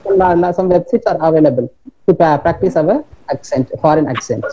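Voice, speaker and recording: A man's voice: on the high side, dark tone, dull audio. Guy, teacher on a webinar, lots of uh and restarts, noisy audio. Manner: halting, many fillers and restarts. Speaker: college English teacher. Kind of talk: webinar talk. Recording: noisy online call audio.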